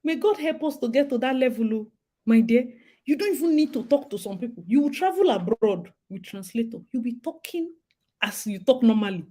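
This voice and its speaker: A young woman with a Nigerian accent, hosting a casual talk and chatting in a lively way with bits of Pidgin. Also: on the high side, normal speed. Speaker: host. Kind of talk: casual monologue.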